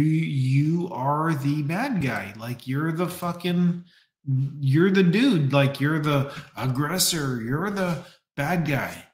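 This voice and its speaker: A man's voice: on the high side, roomy sound. A man delivering a profane, emphatic rant in a casual monologue. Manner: profane, ranting, slow and emphatic.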